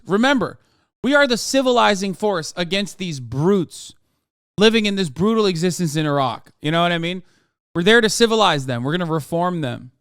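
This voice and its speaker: A man's voice: sits high, animated, normal speed, fairly bright tone, clean tone, dry recording, clean studio sound. A man streaming a sarcastic, profane rant while reacting to news articles. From United States. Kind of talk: ranting commentary.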